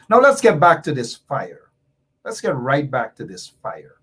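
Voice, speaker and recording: This political talk show host from Guyana has a medium-pitched, husky, fairly bright voice with huge swings in pitch, and he doesn't hurry. He reads viewer comments aloud, answers them, and drives his points home emphatically, again and again.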